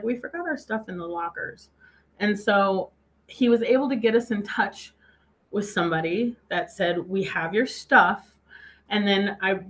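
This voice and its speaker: A woman's voice: mid-range voice, fairly bright tone. A woman gives a motivational talk in a loose, conversational way. She tells a personal story and keeps quoting herself with "I was like." She laughs easily as she talks. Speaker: speaker.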